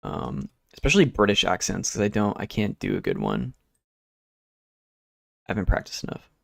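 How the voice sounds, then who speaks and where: Rambling, easygoing, creaky-voiced young man. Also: lowish voice, huge pitch swings, normal speed, fairly bright tone, no echo, clean studio sound. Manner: rambling, easygoing, swears casually. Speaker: streamer. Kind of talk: casual chat while working.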